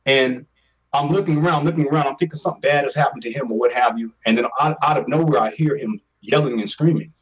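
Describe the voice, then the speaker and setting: Earnest forties guy telling his story, talks fast, kinda far from the mic. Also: medium pitch, husky. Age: 40s. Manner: earnest, emphatic, repeats words. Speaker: interview guest. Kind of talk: personal storytelling.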